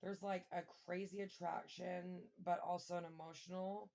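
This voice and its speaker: A woman giving a casual tarot reading, thinking aloud and breaking into excited exclamations and mild swearing. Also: fairly low pitch, normal speed, gravelly. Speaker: tarot reader.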